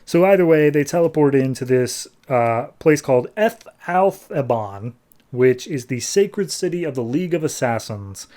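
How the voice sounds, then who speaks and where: A man's voice: mid-range voice, animated, moderate pace, mellow. A man hosting a podcast who retells a comic plot in a rambling way, full of "like". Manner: rambling, filler-heavy retelling. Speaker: podcast host. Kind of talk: casual comic book recap.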